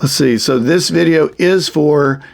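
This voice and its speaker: A man's voice: a little high, unhurried, gravelly, a little mellow. A man teaching wilderness survival to kids, explaining in a rambling, folksy way with lots of fillers. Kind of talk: casual how-to demonstration for kids.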